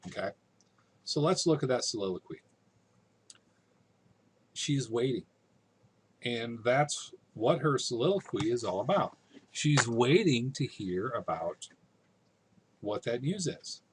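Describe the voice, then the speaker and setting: A man's voice: medium pitch, very animated, slow, long pauses, slight background noise. A man teaching a literature lesson in a casual, conversational way, often checking in with his listeners.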